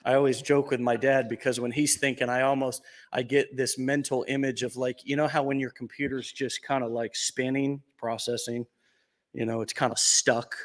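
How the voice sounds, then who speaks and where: A man giving an energetic, joking motivational talk to a live audience at an event, jumping between loud bursts and hushed asides. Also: mid-range voice, normal speed. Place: event venue.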